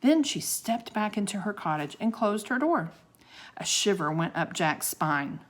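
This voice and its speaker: Expressive woman reading a storybook aloud. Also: mid-range voice, a little slow. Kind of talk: reading a children's chapter book aloud.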